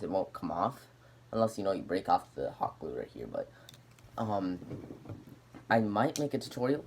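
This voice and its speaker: A man's voice: fairly low pitch, a little mellow, slight background noise. A man casually showing off and explaining a homemade gadget, rambling with lots of filler words. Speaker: hobbyist demonstrating a homemade gadget. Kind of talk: casual show-and-tell video.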